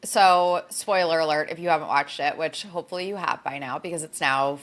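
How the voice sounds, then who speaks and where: A woman's voice: low-pitched, fairly quick, fairly bright tone. A woman co-hosting a podcast, chatting animatedly about reality TV and reading an ad. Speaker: podcast co-host. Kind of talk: casual chat and read ad.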